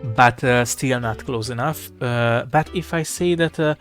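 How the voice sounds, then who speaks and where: A man's voice: mid-range voice, fairly even intonation, normal speed, hardly any pauses, faint music behind. Rambling, irreverent man thinking aloud. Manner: rambling, irreverent, swears, looks things up aloud. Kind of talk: casual rambling commentary.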